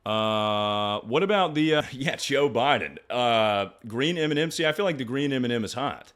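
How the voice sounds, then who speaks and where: A man's voice: mid-range voice, expressive, moderate pace, a bit bright. A young man streaming, answering chat questions in crude, joking banter with frequent laughs and trailing restarts. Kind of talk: casual livestream chat.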